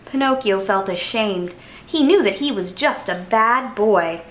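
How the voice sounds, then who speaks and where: A woman storyteller reading a children's picture book aloud in an expressive way. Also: mid-range voice, measured pace. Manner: expressive, animated.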